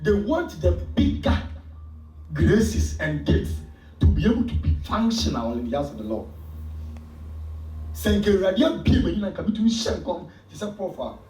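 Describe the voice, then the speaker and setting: A man with a Ghanaian accent preaching a sermon as pastor, with sudden loud emphasis. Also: high-pitched, big pitch swings, moderate pace, soft background music. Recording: echoey church hall from far off.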